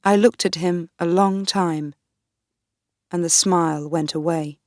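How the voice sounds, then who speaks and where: A woman narrating a graded reader for learners in a slow, deliberate, clear reading. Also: fairly low pitch, fairly even intonation, dry recording, studio quality. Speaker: audiobook narrator.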